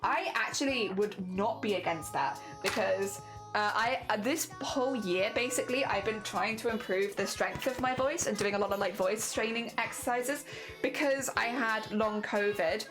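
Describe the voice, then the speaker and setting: A woman streamer in casual live-stream chat with a high-pitched voice, chatty and self-deprecating, often giggling. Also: normal speed, music in the background.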